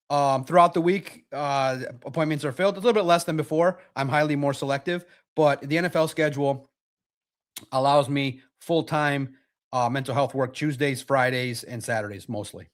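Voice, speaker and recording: A man hosting a sports podcast live stream, chatting casually in an animated, repetitive way with frequent restarts. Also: medium pitch, measured pace.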